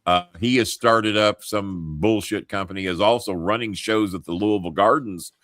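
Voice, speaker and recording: A middle-aged man hosting a talk show, spinning a story full of swearing and restarts. His voice sits low but has a bright, forceful edge. The close studio mic gives it a dry sound. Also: moderate pace, dry recording. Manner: profane, rambling, self-interrupting. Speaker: host. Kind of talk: casual storytelling.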